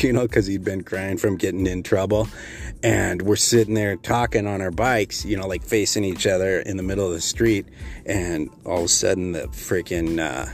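Low-voiced man, casual profane storyteller, rambling with fillers, faint music bed. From Texas.

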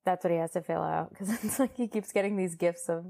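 A female podcast co-host with a fairly low, warm voice and vocal fry mixes casual conversation with reading from a novel. She keeps breaking off to joke, laughs often, and lingers on fillers.

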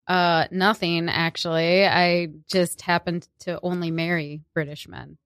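A woman's voice: fairly low pitch, fairly even intonation, normal speed, hardly any pauses, fairly bright tone, no echo, studio quality. A woman guest on a podcast, chatting casually and telling stories full of acted-out quotes and laughter. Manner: chatty storyteller who acts out quoted voices with laughs. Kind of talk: casual chat.

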